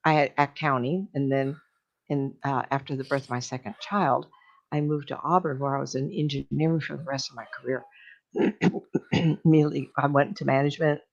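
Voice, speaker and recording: An older woman, a medium, telling stories casually on a radio show in a chatty, animated way, often laughing. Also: very deep voice, moderate pace, lo-fi sound. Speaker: psychic medium guest.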